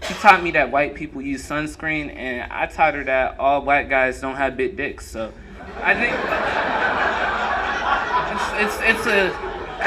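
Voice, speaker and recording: A man's voice: mid-range voice, sharp tone. A young man performing a profane, crowd-teasing stand-up comedy set on a club stage. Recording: noisy live room recording.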